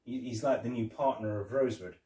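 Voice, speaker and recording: A man's voice: medium pitch, a little fast, warm tone. Rambling man, echoey room. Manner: rambling, retells scenes with quoted lines and laughs. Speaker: podcast co-host. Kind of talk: casual film review chat. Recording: echoey room, distant mic.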